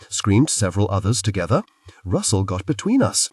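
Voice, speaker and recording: Breathy, expressive male audiobook narrator. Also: on the low side, moderate pace, no room sound, studio quality, recorded from a distance. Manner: lively, expressive storytelling. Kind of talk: scripted fantasy narration.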